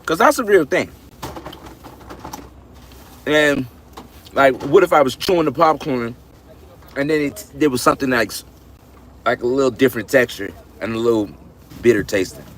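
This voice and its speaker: A man's voice: mid-range voice, normal speed, long pauses, fairly bright tone, slight background noise. A man chatting casually with live viewers from his parked car, laughing often and answering comments as they come in. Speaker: livestream host. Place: parked car at a store pickup.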